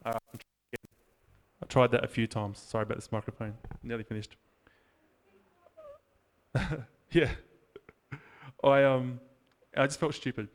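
A man preaching in a casual storytelling way, self-deprecating and chatty, moving into prayer. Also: mid-range voice. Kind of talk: sermon with personal storytelling.

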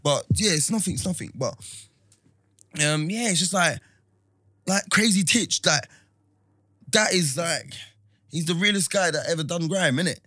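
Laid-back London man, slightly higher voice. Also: animated, normal speed, pauses often, bright, forceful tone, no echo, clean studio sound. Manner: laid-back, rambling, slangy. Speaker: podcast co-host. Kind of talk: casual chat.

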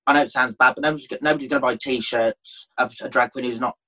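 A man's voice: medium pitch, steady tone, pushed and bright. A man, chatting as a guest on a talk show. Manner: chatty, quick to mimic others. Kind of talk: casual chat.

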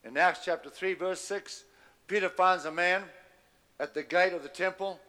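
High bright-voiced preaching man. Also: steady tone, normal speed, big-room sound. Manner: emphatic, call-and-response with the congregation. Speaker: pastor. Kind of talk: sermon.

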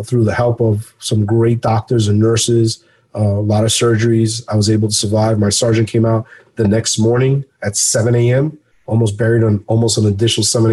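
A former police officer, a man with a lowish, darkish voice, recounts a rescue as earnest personal testimony. He speaks haltingly, often pausing mid-sentence.

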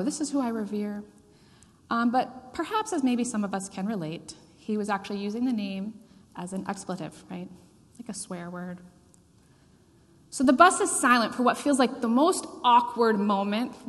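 A woman's voice: on the high side, in a large hall. A woman pastor preaching a sermon, telling a story with frequent fillers.

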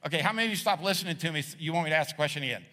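A man's voice: fairly high pitch, very fast. A middle-aged man preaching a casual, jokey sermon to a church crowd, acting out voices as he goes. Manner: animated, jokey, acts out voices. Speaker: pastor. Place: large church hall with audience. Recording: long hall reverb.

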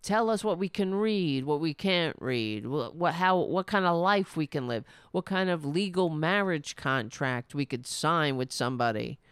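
A woman's voice: sits low, expressive, a little slow, hardly any pauses, clean tone, dry recording. A middle-aged woman hosting a show, giving indignant, sarcastic political commentary. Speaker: host.

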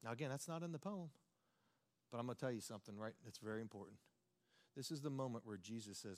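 A man preaching a sermon with passion, telling a story and building up to shouts. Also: medium pitch, quick pace, pauses often.

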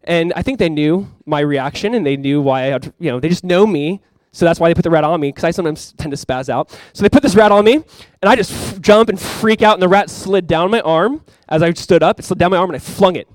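A man's voice: a little high, brisk, dry recording. A young man preaching a sermon as pastor, telling stories in a casual way and acting out quotes with animation.

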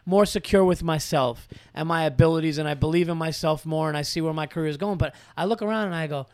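Brief: male podcast host, slightly high voice, swears a lot, rambles through animated stories, dry booth sound. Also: fast talker, no echo. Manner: profane, rambling, animated storytelling with acted-out quotes. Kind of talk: casual chat.

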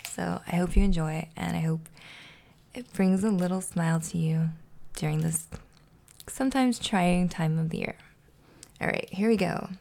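A woman's voice: lowish voice, normal speed, vocal fry, long pauses, a little mellow. A woman hosting a casual podcast, chatting and reading a children's storybook aloud, laughing often. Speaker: podcast host.

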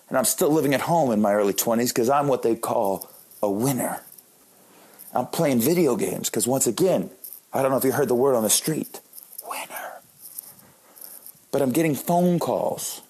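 A man in his late thirties tells comic stories about his life, joking at his own expense. His voice is husky and a bit breathy, at an ordinary male pitch. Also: mellow. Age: late 30s. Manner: joking, self-deprecating. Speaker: comedian. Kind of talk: comic storytelling monologue.

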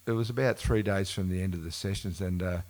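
A man's voice: sits low, fast, darkish tone. A man telling rambling stories in casual conversation, correcting himself often and laughing as he goes. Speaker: musician being interviewed. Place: bookshop event before a live audience. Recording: live event recording.

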